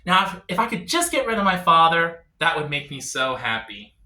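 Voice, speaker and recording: A male stand-up comedian on a live stage with a very bright, cutting voice that swings widely in pitch. He tells his bits in an animated way and dips into other voices. The sound rings in an echoey room. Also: moderate pace. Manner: jumps between voices, animated storytelling.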